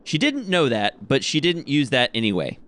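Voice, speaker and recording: A man's voice: mid-range voice, big pitch swings, normal speed, fairly bright tone. Man narrating as game master. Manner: casual narration with self-corrections.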